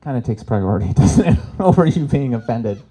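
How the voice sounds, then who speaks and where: Speaking briskly in a husky, medium-pitched voice, a man from Canada does stand-up at a live event. On the expo stage before an audience, he tells animated stories and plays the characters with voices.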